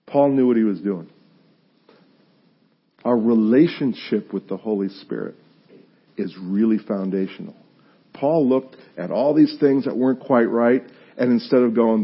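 A man preaching a conversational sermon as pastor, animated and joking, acting out what his listeners might say. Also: mid-range voice, moderate pace, husky, muffled recording. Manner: animated, acts out listeners' reactions, self-deprecating humor.

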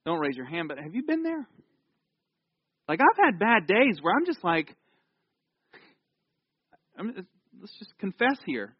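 A high-voiced male pastor delivers a sermon in a casual, conversational manner, moving between animated storytelling and sudden hushed passages. The recording is dry, with little room sound, and slightly dull in tone. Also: normal speed, pauses often, no echo. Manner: conversational preaching with sudden swings from loud to hushed.

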